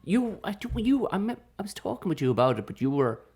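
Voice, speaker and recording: An Irish man hosting a comedy podcast in a casual, profane, animated chat. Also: high-pitched, slightly rough. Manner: animated and profane, quick bursts. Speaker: podcast host.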